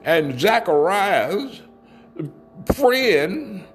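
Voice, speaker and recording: A man's voice: high-pitched, sing-song, extremely slow, faint music behind. A man telling a folksy story aloud, leaning on key words and drawing them out.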